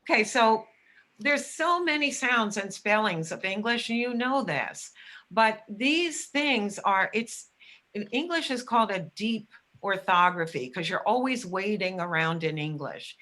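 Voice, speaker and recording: Bright-voiced woman lecturing emphatically. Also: medium pitch, lively intonation, measured pace. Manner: explanatory, emphatic, demonstrates sounds aloud. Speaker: teacher educator presenting. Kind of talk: webinar lecture.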